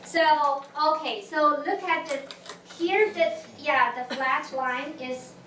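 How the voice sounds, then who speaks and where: A woman leads a class in a high, unhurried voice. She restarts her phrases often and sings out tones for students to repeat. The sound is distant and echoey, with steady room noise behind her. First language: Mandarin Chinese. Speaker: Chinese language teacher. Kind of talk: classroom teaching, call and response. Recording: echoey classroom from far off, noisy.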